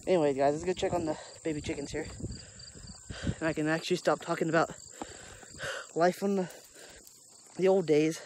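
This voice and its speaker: A woman's voice: sits low, steady tone, normal speed, long pauses, darkish tone, a little hiss or hum. Chatty woman vlogging outdoors. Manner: rambling, chatty, talks to her dog while walking. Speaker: daily vlogger. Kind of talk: casual vlog chat. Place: outdoors in the countryside.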